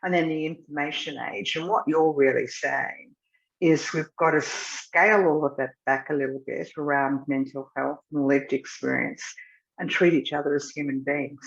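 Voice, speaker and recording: A woman hosting an interview, thoughtful and conversational, with frequent "you know"s. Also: sits low. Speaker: host. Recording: dull lo-fi sound.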